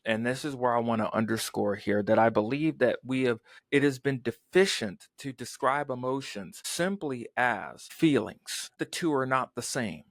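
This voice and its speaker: A man's voice: medium pitch, no echo. Guy hosting a podcast, earnest, reads scripture then talks it through, dry close sound. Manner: earnest, repeats words when thinking. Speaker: podcast host. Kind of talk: commentary with scripture reading.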